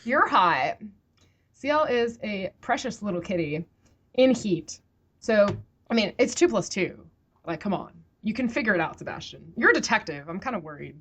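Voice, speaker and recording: A woman's voice: mid-range voice, expressive, moderate pace, breathy edge. A woman co-hosting a casual review podcast, playful and slangy, often breaking into giggles. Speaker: podcast co-host reviewing a story. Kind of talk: casual chat.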